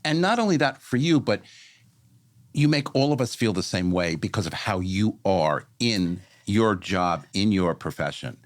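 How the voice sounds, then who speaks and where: A man hosting a casual interview, earnest and quick to retell what others told him. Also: fairly low pitch, no room sound. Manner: earnest, quotes others in lively voices. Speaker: podcast host.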